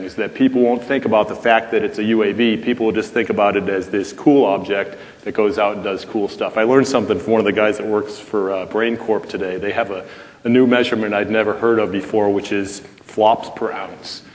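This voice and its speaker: A man speaking as a panelist, explaining in a steady, enthusiastic way. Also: fairly low pitch, a little fast. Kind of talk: panel discussion answer. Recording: reverberant hall.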